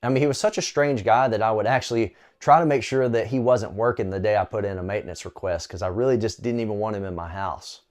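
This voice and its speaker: A man telling a personal faith story in a relaxed, conversational way, with frequent small fillers. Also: lowish voice, fast, hardly any pauses. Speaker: storyteller sharing a faith testimony. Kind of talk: casual spoken testimony.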